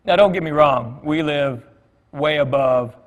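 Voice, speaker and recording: Captured with phone-quality sound and long hall reverb, a middle-aged guest speaker talks in a church hall at a measured pace, his voice on the high side. His conversational sermon is built on folksy anecdotes, with bits of dialogue acted out as he quotes others.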